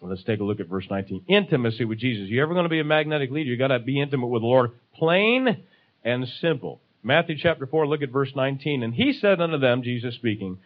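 A man's voice: medium pitch, lively intonation, fast, highs cut off. A man preaching a sermon, emphatic, repeating key phrases and calling for responses from the congregation.

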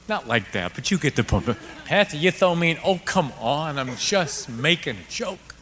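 A pastor preaches a story-driven sermon, dropping to a hush and then rising to a shout. His voice is bright and forceful, a touch higher than most men's. It rings out in a large reverberant hall with faint ambience behind it. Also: normal speed. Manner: animated storyteller, swings from hushed to shouting.

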